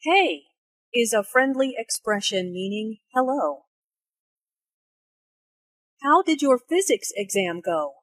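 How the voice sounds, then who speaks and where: Slow, careful woman teaching English. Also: no room sound. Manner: slow, careful, with lively pitch for spoken examples. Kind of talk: slow, clearly articulated teaching narration and dialogue.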